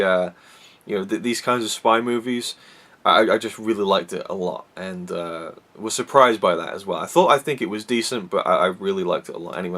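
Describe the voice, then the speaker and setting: A man's voice: fairly low pitch, a bit bright. A man giving a casual, rambling film review to camera, with many restarts and fillers. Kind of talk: casual solo movie review.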